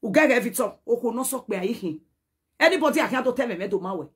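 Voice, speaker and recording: A Nigerian woman delivers a heated message straight to camera, her voice husky and pitched a little high. She scolds and pleads by turns, running Pidgin and a local language together. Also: animated, fast. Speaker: social media personality.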